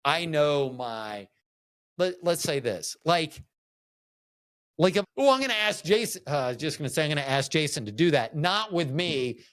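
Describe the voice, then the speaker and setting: Man, podcast host, rambling jokey talk, pitch all over the place. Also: sing-song, normal speed, a bit bright, clear, resonant tone, dry recording. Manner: rambling, jokey, self-amused, many restarts and asides.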